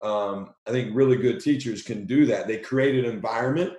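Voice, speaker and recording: Energetic male coach in an echoey room. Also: medium pitch. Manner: energetic, talks fast and excitedly, repeats words. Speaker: basketball coach, guest. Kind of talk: podcast conversation.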